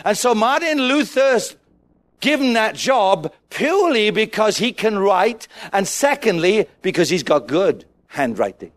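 A man preaching a sermon to a congregation, animated and asking them questions. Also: high voice, measured pace. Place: church with a congregation.

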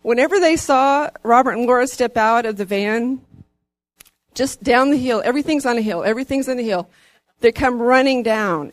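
A woman giving an earnest testimony in church, her voice rising as she grows excited. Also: on the high side, no echo.

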